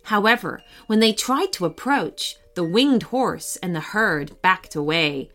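A woman's voice: lowish voice, animated, slow, hardly any pauses, fairly bright tone. A woman narrating a children's story expressively, acting out the characters.

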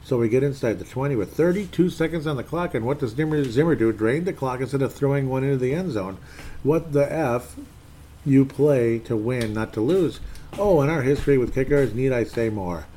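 Guy rambling about his team, fed up, mid pitch voice, faint room hum behind. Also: animated, fast, mellow. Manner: rambling and exasperated, reading posts aloud. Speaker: sports fan commentator. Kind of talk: casual solo sports rant.

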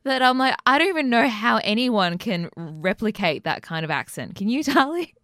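A woman co-hosting a podcast, chatting casually and animatedly, quick to laugh. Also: a little high, very animated, a bit bright, no echo, clean studio sound. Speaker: podcast co-host. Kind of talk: casual chat.

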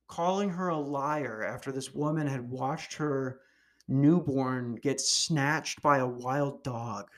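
Man, young adult, podcast host, dry deadpan delivery, dark comic rant. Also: on the high side. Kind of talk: dark comedy podcast monologue.

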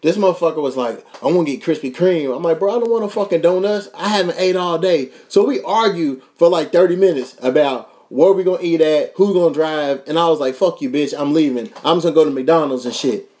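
A young man from Kentucky with a Kentucky accent, hosting a podcast and telling a profane, animated story with voices for the people in it. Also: fairly high pitch, brisk, few pauses. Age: young adult. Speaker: podcast host. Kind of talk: casual storytelling.

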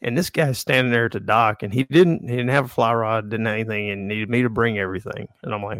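A man's voice: lowish voice, fairly even intonation, fast, hardly any pauses, a bit bright, no echo. A man who works as a fishing guide, telling a customer story in casual podcast chat with dry, easygoing humor. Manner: laid-back storyteller, dry humor, chuckles.

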